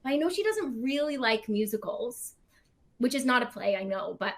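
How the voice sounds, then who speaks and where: Higher-voiced actress, chatty and animated, tells anecdotes with quoted lines. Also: female voice, moderate pace. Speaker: actress promoting a film. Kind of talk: casual playful chat.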